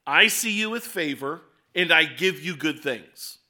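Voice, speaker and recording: A man preaching a sermon as pastor, explaining scripture in a conversational way and reading verses aloud, slowing down and speeding up for emphasis. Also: fairly high pitch, lively intonation, pushed and bright.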